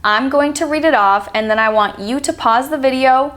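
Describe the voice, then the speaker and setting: A woman teaching an accent reduction lesson, speaking clearly and deliberately and demonstrating example sentences. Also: sits high, fairly bright tone. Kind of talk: scripted instructional lesson.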